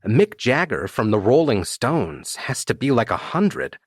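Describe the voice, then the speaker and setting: A man narrating a first-person romance audiobook in a relaxed, conversational way. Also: medium pitch, measured pace, husky, no room sound, clean studio sound.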